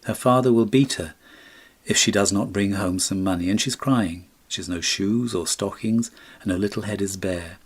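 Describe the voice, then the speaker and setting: A man's voice: lowish voice, normal speed, husky. A man voicing a compassionate prince statue who gives away his jewels, speaking solemnly and with command. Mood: sorrowful.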